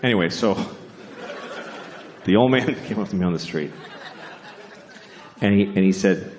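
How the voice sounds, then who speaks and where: A man doing a stand-up comedy set, telling stories in a deadpan, unhurried way and jumping into high character voices. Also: slight background noise. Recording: live venue with audience laughter.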